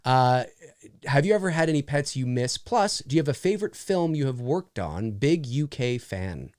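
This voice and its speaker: A chatty man hosting a casual livestream, reading viewer questions aloud and laughing often. His pitch jumps around a lot as he talks. The sound is dry and close, with no room behind him. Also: sing-song, moderate pace, a little mellow, dry recording. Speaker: livestream host.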